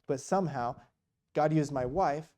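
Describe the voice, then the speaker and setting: A man's voice: a little high, measured pace, dark tone. A man speaking as a missionary guest at a church, telling a story in a casual, rambling way with lots of retold conversation. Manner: rambling, retells conversations with many quotes.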